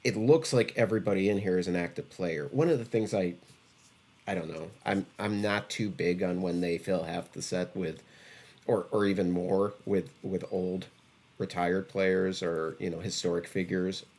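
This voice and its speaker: A man with a fairly low voice talks casually as a podcast co-host. He rambles and halts, restarting his sentences and filling pauses with ums as he goes. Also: a little mellow. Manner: rambling, halting, many fillers and restarts. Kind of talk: casual chat about trading cards.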